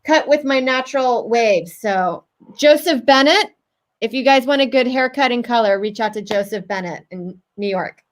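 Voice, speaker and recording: A woman's voice: on the high side, normal speed. Upbeat woman co-host in her forties. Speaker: film festival co-host. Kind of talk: casual chat.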